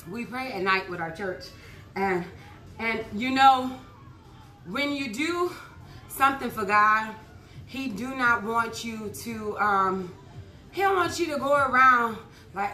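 A woman fitness instructor with a hoarse voice, chatting casually and upbeat to her viewers after a workout and drifting into preachy testimony. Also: on the high side, animated, slow pace, pauses often, bright, forceful tone, roomy sound, a little hiss or hum.

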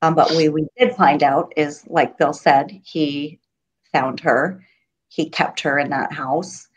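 A middle-aged woman from Florida, a grieving mother telling her story in an interview, halting with many pauses and her voice breaking at times. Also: low-pitched, fairly even intonation, breathy edge. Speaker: guest, mother of a murder victim. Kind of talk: emotional interview.

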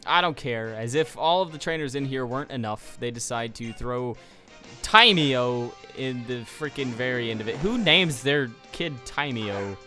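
A man's voice: medium pitch, lively intonation, moderate pace, sharp tone, soft background music. A young man giving casual let's play commentary, exasperated and ranting at the game, with a sniffly nose.

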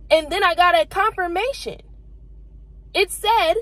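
A woman's voice: very high-pitched, takes it slowly, pauses often, fairly bright tone, no echo, low-quality recording. A young woman, venting exasperated rants to her vlog camera from her car. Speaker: vlogger.

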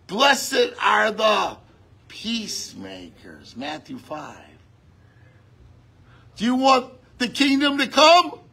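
A man preaching a sermon in a conversational way, breaking into shouts on key lines. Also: sits high, slightly rough.

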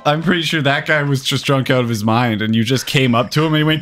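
A young man chatting casually with friends during a video game, playful and quick to mimic others. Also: medium pitch, a bit bright, faint music behind. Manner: playful, laughing, mimics voices. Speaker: co-host. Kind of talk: casual gameplay chat.

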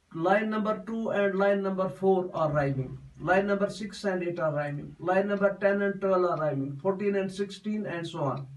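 A man explains a poem as a classroom lesson, going over each point again and again with restarts. His voice sits high, and he sounds set back from the microphone. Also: distant mic, low-quality recording. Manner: repetitive, explains step by step with many restarts. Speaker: teacher.

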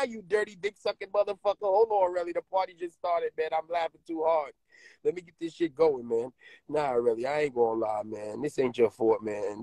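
A man's voice: medium pitch, a little mellow, no echo, rough recording. A man doing mocking, taunting roast commentary on a stream, laughing at his target.

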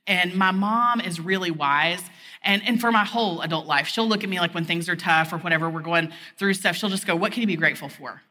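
A woman's voice: lowish voice, fairly quick, pushed and bright. A woman giving a chatty, candid sermon at a conference, peppering her talk with "like". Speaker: conference speaker. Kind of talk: conversational sermon. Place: conference hall stage. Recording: long reverb of a large hall.

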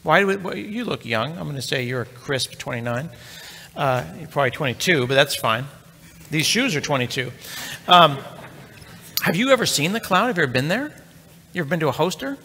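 A middle-aged man on stage, a bit high-pitched, with a bright and forceful voice. He tells a tech story in a chatty, joking way and talks straight to the audience. His voice rings with the long reverb of a large conference hall. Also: lively intonation, brisk, husky. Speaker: conference speaker. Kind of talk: live tech talk, anecdotal storytelling.

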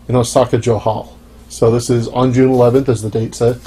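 A man's voice: mid-range voice, little pitch movement, dark tone, slightly rough, rough recording. Wry, offhand male podcast host. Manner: dry, offhand and wry, with frequent "uh" pauses. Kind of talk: casual solo podcast monologue.

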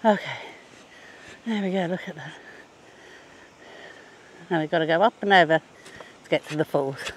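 A woman's voice: low voice, a little slow, pauses often. Older woman, travel vlogger, casual hiking commentary, outdoors in a gorge, faint background noise. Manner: chatty, talking to camera while scrambling.

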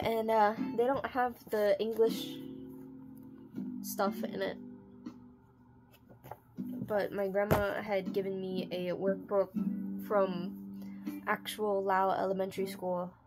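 A woman hosting a casual unboxing vlog, chatty and halting, slowly sounding out words as she goes. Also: mid-range voice, little pitch movement, over music. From United States. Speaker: channel host.

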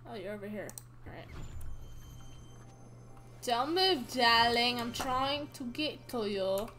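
A woman's voice: a little high, lively intonation, slow, pushed and bright. A woman streamer chatting casually while playing a game, reading text aloud and talking to herself. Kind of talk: casual gameplay commentary.

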